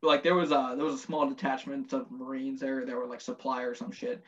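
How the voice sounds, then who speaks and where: A former Marine telling profane, lively war stories in casual chat, acting out the quotes. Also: male voice, medium pitch, brisk, highs cut off. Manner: profane, animated storytelling with acted quotes.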